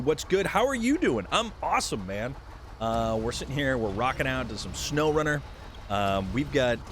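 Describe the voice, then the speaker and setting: Guy streaming a truck game, chatty and goofy, pitch jumping around a lot. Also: noisy background. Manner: rambling, jokey, reads chat aloud. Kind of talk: live-stream chat while gaming.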